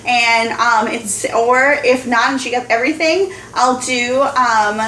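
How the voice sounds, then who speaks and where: Woman team leader, high bright pitch, laughing casual chat, roomy far-off sound with light hiss. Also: unhurried. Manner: chatty, laughing, acts out customers' voices. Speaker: team leader of home party sellers. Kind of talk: casual team meeting talk. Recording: far-off echoey room recording with faint noise.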